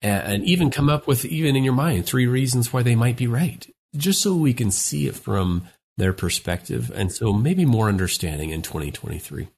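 A man's voice: mid-range voice, expressive, moderate pace, gravelly, a little mellow, husky. A man co-hosting a podcast, giving earnest relationship advice in a casual discussion and acting out quoted lines. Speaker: podcast co-host, relationship expert.

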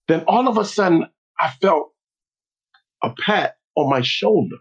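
A man, a motivational speaker, telling a personal story in a slow, deliberate, dramatic way. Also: on the high side, expressive, breathy edge. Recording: dull lo-fi recording.

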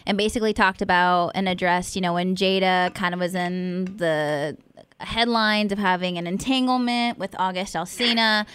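A woman's voice: fairly low pitch, normal speed, fairly bright tone, smooth. A woman co-hosting a casual podcast, chatty and teasing her co-host with laughter.

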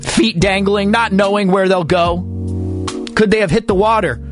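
A man's voice: sits high, moderate pace, music in the background. A man hosting a sports radio show, talking in a comic, mock-dramatic way. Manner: animated, mock-dramatic, comic slam-poetry delivery.

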